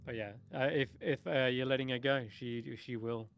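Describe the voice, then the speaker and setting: A man narrating as game master of a tabletop game, relaxed and hesitant with many fillers. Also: medium pitch, normal speed, vocal fry, clean tone, soft background music.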